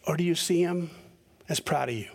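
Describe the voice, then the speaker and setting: A man's voice: a little high, brisk, gravelly. A male pastor giving a sermon in a conversational way, telling stories with animation. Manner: conversational preaching with animated storytelling.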